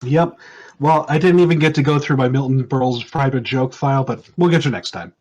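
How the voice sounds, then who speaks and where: A man's voice: medium pitch, brisk, a little mellow. A man joining a comedy panel over a video call, giving friendly, laid-back thanks and banter. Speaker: fellow comedian and co-host. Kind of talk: casual chat.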